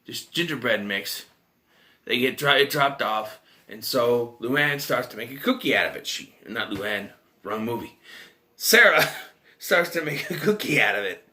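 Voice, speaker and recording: A young man rambles through a casual movie review, firing off incredulous rhetorical questions and restarting often. His expressive voice swoops widely in pitch, sounding bright and keyed up at an unhurried pace.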